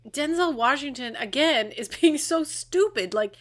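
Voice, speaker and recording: An animated woman co-hosts a casual film podcast. She laughs a lot, swears freely and gets carried away when she talks about a movie. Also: sits high, unhurried, hardly any pauses. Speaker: podcast co-host.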